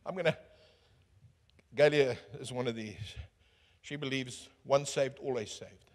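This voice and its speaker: A man preaching a sermon as pastor, swinging from booming calls to hushed asides and asking the crowd questions. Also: a little slow. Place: church hall. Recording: echoey church hall.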